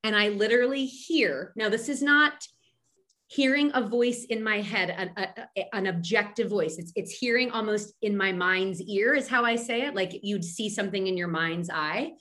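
A woman's voice: mid-range voice, moderate pace, pushed and bright. A middle-aged woman from Philadelphia, a medium being interviewed, talking chattily with frequent restarts and fillers. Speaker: medium, podcast guest. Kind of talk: casual interview conversation.

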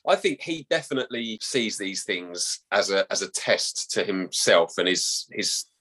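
A man chatting casually on a podcast, rambling and halting, often laughing as he talks. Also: low voice, animated, sharp tone, breathy edge. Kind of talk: casual chat.

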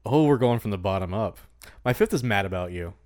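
A man's voice: lowish voice, expressive, a little fast, darkish tone, no room sound, studio quality. A man co-hosting a podcast, chatting casually and cracking playful jokes. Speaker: podcast co-host. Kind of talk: casual chat.

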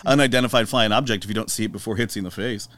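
A man's voice: fairly low pitch, rapid-fire, dry recording. A man co-hosting a casual comedic chat, riffing with profanity and goofy voices. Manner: animated, profane, riffs with goofy put-on voices. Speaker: podcast co-host.

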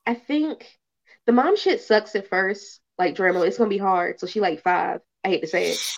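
A woman in her thirties talking candidly as a podcast guest in casual chat, with relaxed delivery and plenty of fillers. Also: medium pitch, normal speed, gravelly. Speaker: podcast guest, event organizer. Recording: dull lo-fi audio.

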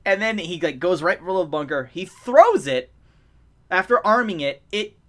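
A man's voice: high voice, big pitch swings, normal speed, a bit bright. A man in casual podcast chat, rambling and laughing as he retells movie scenes.

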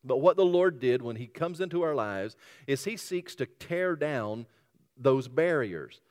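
A man's voice: medium pitch, expressive, measured pace. A pastor preaching a sermon, emphatic and repetitive, asking his listeners rhetorical questions. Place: church sanctuary. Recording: long hall reverb.

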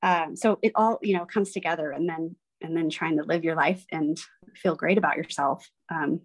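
A woman fitness coach talking casually as a podcast guest. She rambles and fills pauses with lots of ums. She slips into playful voices when she quotes someone. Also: deep voice, fairly even intonation. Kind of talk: casual chat.

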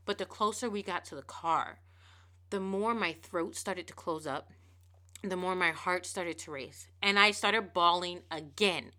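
Bright-voiced woman telling a candid story. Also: on the low side, unhurried. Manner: candid, animated, swearing freely. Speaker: podcast host. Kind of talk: casual storytelling monologue.

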